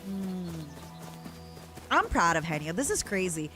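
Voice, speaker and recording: A woman's voice: fairly low pitch, big pitch swings, measured pace, pushed and bright, faint music behind. A young woman streaming a game, chatting with her viewers in a playful, rambling way. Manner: playful, rambling, talks to chat. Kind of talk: casual live-stream gaming chatter.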